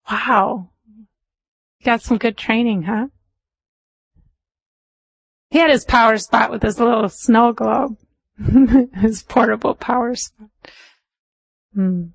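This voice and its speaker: A woman's voice: fairly high pitch, vocal fry, husky, no room sound, poor audio. Chatty woman meditation teacher, dry sound. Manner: chatty storytelling with laughs, slowing to a calm measured close. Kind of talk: Buddhist dharma talk.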